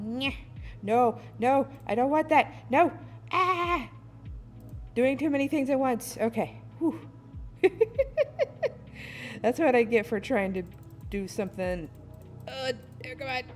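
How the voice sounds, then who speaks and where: Casting: slow-talking, higher-voiced woman streamer, giggly and self-deprecating, soft lofi music underneath. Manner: self-deprecating, giggly, hums to herself while fiddling with settings. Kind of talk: casual live-stream chat.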